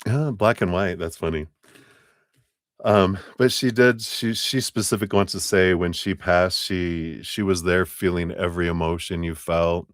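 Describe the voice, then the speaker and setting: A man's voice: sits low, steady tone, normal speed, dry recording, clean studio sound. A man giving a live tarot reading, chatty and rambling, often breaking into laughter. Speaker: tarot reader.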